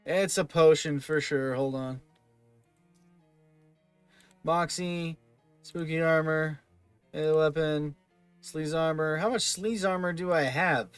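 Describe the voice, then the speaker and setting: A man's voice: a little high, steady tone, takes it slowly, long pauses, smooth, dry recording, soft background music. Man muttering through a game. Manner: thinking aloud, muttering through item lists. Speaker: gaming video host. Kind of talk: let's play commentary.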